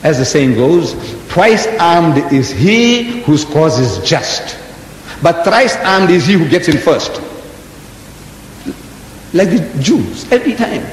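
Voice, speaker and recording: Older male lecturer in his seventies, lively storyteller, voice fairly high for a man, in an echoey hall with a faint rumble. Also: takes it slowly. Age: 70s. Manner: dramatic storytelling with rhetorical questions. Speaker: religious lecturer. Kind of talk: lecture to an audience.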